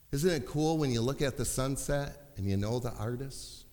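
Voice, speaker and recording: A man preaching a sermon, passionate and building to shouts at times. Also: medium pitch, normal speed, few pauses. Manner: impassioned, rising to shouting. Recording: long hall reverb.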